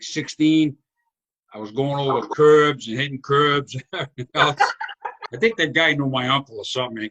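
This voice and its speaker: An older man from Rhode Island hosts a relaxed chat, spinning long, rambling comic anecdotes with animated energy. His voice sounds bright and forward, at an ordinary middle pitch. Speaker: host. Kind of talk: casual chat storytelling.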